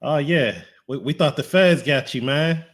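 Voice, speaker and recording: A man's voice: a little high, a little slow. A man from the Pittsburgh area co-hosting a show, chatting casually and joking about himself over a video call. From Pittsburgh area, United States. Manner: joking, self-mocking, laid-back. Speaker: co-host.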